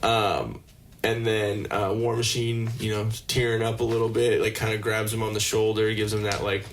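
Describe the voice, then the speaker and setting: Male podcast co-host, lowish voice, excitable and profane, faint hiss behind. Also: moderate pace. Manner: excitable, swears a lot, acts out movie lines. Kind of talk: casual chat.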